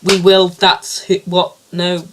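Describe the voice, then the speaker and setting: A man's voice: high-pitched, completely flat delivery, slow, background noise, voice pushed up. A man playing a blustering helpline boss. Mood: bossy, muddled. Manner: loud, boastful, tripping over his own catchphrase. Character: blustering male leader of a helpline team.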